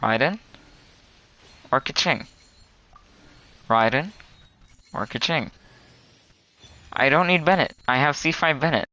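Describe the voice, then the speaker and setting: A young man streaming a game live, chatting casually and groaning loudly when his luck turns bad. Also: a little high, animated, slow pace, pauses often, low-quality recording.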